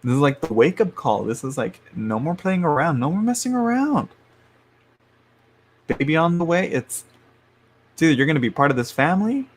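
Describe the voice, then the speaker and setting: A man's voice: on the high side, very animated, normal speed, long pauses. A man doing a casual live-stream tarot reading, chatty and frank, laughing often and sometimes dropping to a murmur. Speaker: tarot reader.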